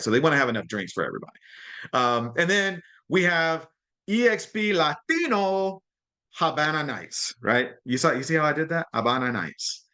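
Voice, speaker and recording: Chatty man with a bright voice. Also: medium pitch. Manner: chatty, keeps checking in with "okay?" and "right?"; frequent restarts and repeated words. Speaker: host of a mastermind call. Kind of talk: casual presentation on a group video call. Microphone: video call.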